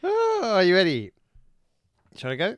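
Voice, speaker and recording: A man's voice: high voice, huge pitch swings, normal speed, no room sound, clean studio sound. A man co-hosting a podcast in casual chat, making jokey, teasing asides. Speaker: podcast co-host.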